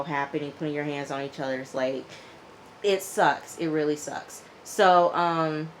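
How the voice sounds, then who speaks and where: Low-voiced woman chatting through a recap. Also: a little hiss or hum, rough recording. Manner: chatty, animated retelling with frequent "okay?" and fillers; acts out the people she quotes. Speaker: TV episode reviewer. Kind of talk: casual episode recap.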